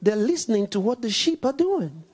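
A male pastor preaching a sermon, swinging from loud rhetorical questions to hushed whispers and repeating key lines with slow, deliberate emphasis. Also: very high-pitched, very animated. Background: congregation answering and laughing.

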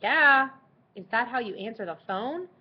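A playful, wry teenage girl who teases lightly over the phone, as a woman reader puts her on. Her voice is pitched a little higher and brighter than the narration. The audiobook recording is dull and lo-fi. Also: animated, moderate pace, husky. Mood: teasing.

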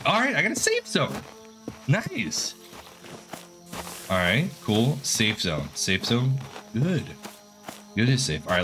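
A man commentating his own horror game play, jumpy and animated, talking to himself and repeating words. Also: fairly low pitch. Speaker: gaming streamer.

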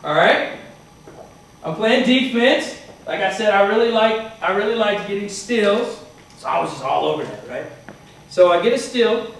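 A man's voice: sits high, expressive, normal speed, a little hiss or hum. A man giving a motivational talk to students, telling a story in a chatty way and often asking "right?". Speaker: motivational speaker. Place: university hall. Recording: echoey hall from far off.

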